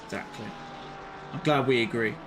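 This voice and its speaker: A chatty, rambling man commentates on a live sim racing stream, mid-pitched and easygoing. He laughs easily and drifts into side stories. Steady game noise sits behind his voice. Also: normal speed. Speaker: race commentator.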